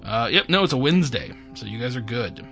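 A man running a tabletop game as game master, rambling and filling pauses with ums. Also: mid-range voice, animated, fairly bright tone, soft background music. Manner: rambling, many fillers.

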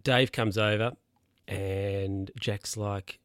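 A man talks through a film's plot in a loose, rambling way, full of ums and self-corrections. His voice sits in an ordinary middle pitch. The recording is dry and close, with no room sound. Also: normal speed, no echo. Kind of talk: casual film recap.

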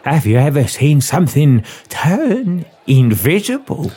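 A man voicing a young Cockney woman barking as a showwoman, with booming carnival patter in a Cockney accent. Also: sing-song, measured pace, dark tone, husky, exaggerated voice. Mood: showy. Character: loud Cockney female showwoman barker.

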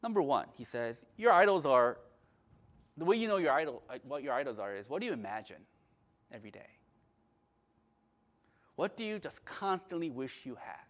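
A man preaching a sermon with passion, at times loud, at times calm. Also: medium pitch, moderate pace, pauses often. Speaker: pastor.

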